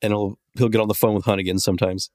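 A man co-hosting a casual gaming chat, matter-of-fact and quick to correct himself. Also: fairly low pitch, little pitch movement, a little mellow, dry recording, clean studio sound. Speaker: podcast co-host.

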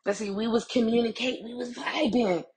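On the high side and fairly even in intonation, her creaky, slightly mellow voice moves fairly quickly. A podcast host in her thirties, she chats candidly from a room at home with plenty of slang, swearing and laughter, far from the mic in an echoey space.

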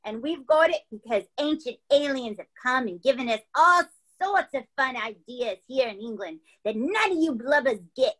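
A bragging English local with an overdone mock Cockney accent and a stray Southern drawl, as a woman puts him on. The voice is pitched fairly high. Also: expressive, moderate pace, few pauses, a bit bright, rough recording. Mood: boastful. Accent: mock Cockney, mixed with Southern. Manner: hammy, bragging.

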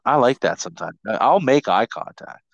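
A man co-hosting a podcast in casual chat, joking and teasing and often jumping into high mock voices. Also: animated, a little fast, vocal fry, dry recording, lo-fi sound. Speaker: podcast co-host.

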